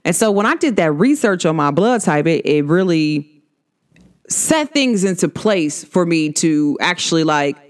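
Woman vlog host, 30s, animated casual delivery, lower voice, very expressive pitch. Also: measured pace. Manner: animated, laughs often, chatty and playful.

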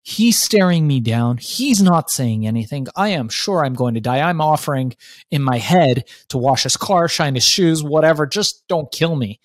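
Animated, profane man telling a story. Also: on the high side, normal speed, dry recording. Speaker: guest author. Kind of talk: storytelling interview.

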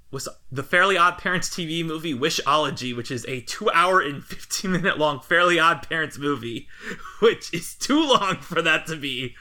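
A man's voice: a little high, bright, forceful tone. A man co-hosting a casual podcast, rambling through opinions and laughing often. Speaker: podcast co-host.

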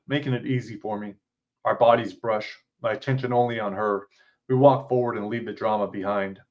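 A man's voice: medium pitch, dull audio. A man, author and podcast host, reading his interactive story aloud with blunt, casual asides and free swearing.

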